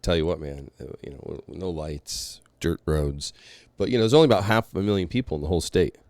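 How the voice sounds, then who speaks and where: Man, host, deep voice, dry close sound, slangy casual chat, from Vermont. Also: a little fast, a little mellow, no echo. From Vermont, USA. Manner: loose, slangy talk with many fillers. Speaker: podcast host. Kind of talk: casual interview chat over video call.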